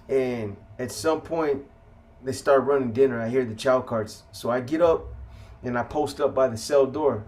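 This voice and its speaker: A man's voice: mid-range voice, darkish tone. A man telling his own story to viewers in blunt street slang with heavy swearing.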